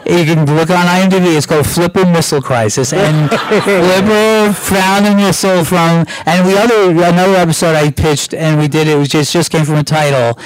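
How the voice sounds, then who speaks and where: A man's voice: a little high, fairly even intonation, moderate pace, poor audio. A middle-aged American man, a guest screenwriter, casually telling anecdotes with lots of restarts and acted-out quotes.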